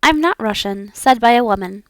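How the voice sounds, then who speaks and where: A woman's voice: fairly high pitch, animated, brisk, fairly bright tone, no echo. A young woman learning languages, repeating practice words aloud and chatting casually with fillers.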